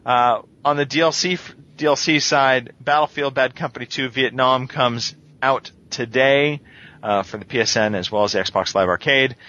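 Husky bright-voiced man hosting a podcast. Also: medium pitch. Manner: reads long lists of titles briskly, with many fillers. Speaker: podcast host. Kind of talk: casual podcast chat. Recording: slightly dull lo-fi podcast audio.

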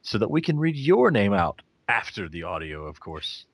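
Deep-voiced laid-back podcast host. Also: male voice, sing-song, normal speed, slightly rough, no echo. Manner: laid-back, dry humor, reads out plugs. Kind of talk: casual podcast chat. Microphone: new microphone.

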